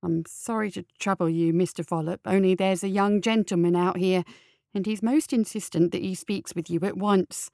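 A woman's voice: lowish voice, steady tone, normal speed, darkish tone, no echo, studio quality, close to an everyday voice. A woman voicing a timid male aide in a storybook, speaking apologetically. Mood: apologetic. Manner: apologetic, hesitant.

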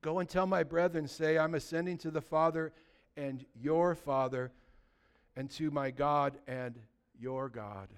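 Man doing calm authoritative teacher, gentle, measured, sermon retelling. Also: fairly high pitch, clean tone, pitched below the performer's own voice. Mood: solemn.

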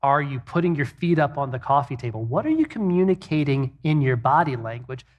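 A man's voice: medium pitch, lively intonation, brisk, dull audio. A middle-aged man co-hosting a faith-based marriage talk, earnest and plainspoken, telling stories to make his point. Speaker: co-host.

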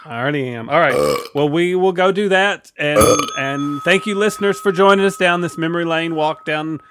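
A man co-hosts a casual podcast, answering his partner in an easygoing, agreeable way. His voice sits slightly high, with some faint noise in the background. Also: steady tone, normal speed. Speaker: podcast co-host. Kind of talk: casual chat.

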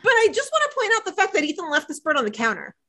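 Bright-voiced woman gabbing about a show. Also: very high-pitched, racing. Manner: animated retelling with quoted dialogue, frequent "like". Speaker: podcast co-host. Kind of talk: casual chat recapping a TV episode.

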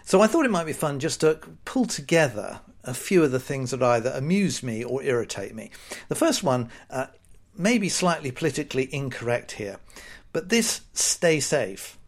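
Wry British man with a lively voice. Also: medium pitch, moderate pace. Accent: British English. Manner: wry, sarcastic, chatty with mock-quoted voices. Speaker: podcast host. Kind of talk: casual solo podcast monologue.

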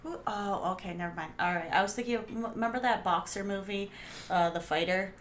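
A woman's voice: mid-range voice, fairly quick, a little hiss or hum. A woman co-hosting a podcast, chatting casually and swearing now and then in playful banter. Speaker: podcast co-host. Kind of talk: casual chat.

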